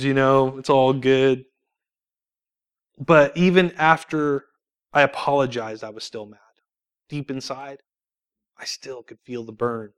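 A young man shares his testimony at church, slightly higher-pitched than most men. He tells his story with lively swings in pitch, breaks into laughter often and acts out the lines of others. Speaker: church speaker sharing testimony. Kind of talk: sermon testimony.

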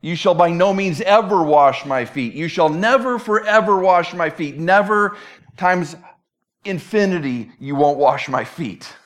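A man's voice: fairly high pitch, expressive, measured pace. A man preaching who voices a stubborn, impulsive male apostle who emphatically protests.

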